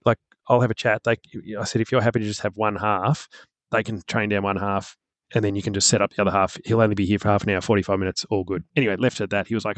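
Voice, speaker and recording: Fast-talking Australian man, rambling anecdotes. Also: on the low side, flat delivery, no echo. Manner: rambling storyteller with many restarts. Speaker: former by-election candidate. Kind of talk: casual anecdotal chat.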